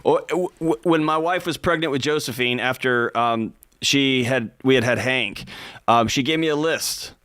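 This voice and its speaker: A man co-hosting a call-in advice show, animated and lively, acting out quotes. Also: medium pitch, normal speed, smooth, no room sound, studio quality. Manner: animated, acts out quotes in voices. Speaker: radio show co-host. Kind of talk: casual advice talk.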